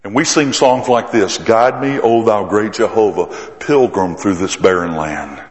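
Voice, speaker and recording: A man preaching a sermon, rising to loud emphasis and then dropping to hushed asides. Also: lowish voice, lively intonation, moderate pace, few pauses. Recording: echoey hall with long reverb.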